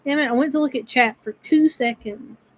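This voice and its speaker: A woman's voice: high-pitched, fairly quick, rough recording. A woman streaming a video game, talking to her chat in a frustrated, swearing manner. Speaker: gaming streamer. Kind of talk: casual gameplay commentary.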